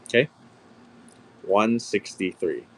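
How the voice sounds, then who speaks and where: A man's voice: lowish voice, slow, slight background noise. A man in his thirties chatting casually while selling on a live stream, telling a story with lots of swearing and calling out sale numbers. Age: 30s. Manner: profane, animated storyteller, calls out sale numbers. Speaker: live-stream auction seller.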